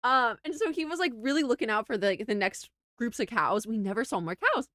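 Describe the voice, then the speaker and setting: A young woman chats to her stream with a high, bouncy voice that leaps all over the place as she laughs through a travel story. She's animated and giggly, packed with fillers. The sound is dry and close. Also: brisk, dry recording. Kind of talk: casual storytelling to a livestream chat.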